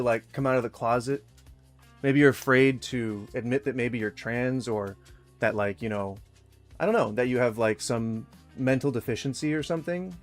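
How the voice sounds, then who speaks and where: A man in his forties from Sacramento, California, delivering a heated, profane, sarcastic rant straight to camera in reply to a critic. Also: mid-range voice. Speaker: vlogger responding to a critic. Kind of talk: ranting direct-to-camera rebuttal.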